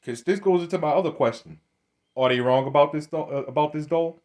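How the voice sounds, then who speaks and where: A man's voice: a little high, a little fast, darkish tone. A man giving blunt, confrontational commentary to camera. He often repeats himself, restarts his sentences and keeps calling his listeners "man". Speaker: religious commentator.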